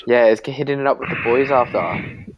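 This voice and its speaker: A man's voice: medium pitch, fairly even intonation, fairly quick, lo-fi sound, a little hiss or hum. A young man with an Australian accent, chatting casually with a friend while gaming. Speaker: gamer.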